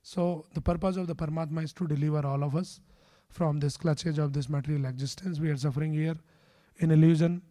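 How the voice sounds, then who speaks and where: Man in a temple giving a sermon, slightly high, mellow tone, explains steadily and questions the listeners. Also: fairly even intonation, a little fast. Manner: chants Sanskrit verses. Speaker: temple speaker. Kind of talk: scripture class sermon. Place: temple hall.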